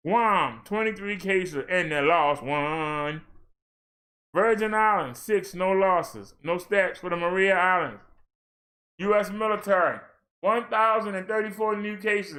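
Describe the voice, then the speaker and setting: A man from Maryland, USA, a fitness streamer, reads off a long list of daily figures on a casual livestream, breaking in with playful asides and exclamations. His voice sits high, pushed and bright.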